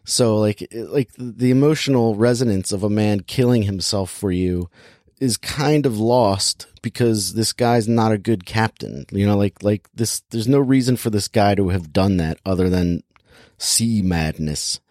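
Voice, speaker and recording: A man with a lowish voice chats loosely about a movie he watched, tripping over restarts and leaning on "like" again and again. The sound is close and dry, with no room around him. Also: normal speed, a little mellow, no room sound. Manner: rambling, heavy use of "like", self-interrupting. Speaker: podcast movie reviewer. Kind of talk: casual chat.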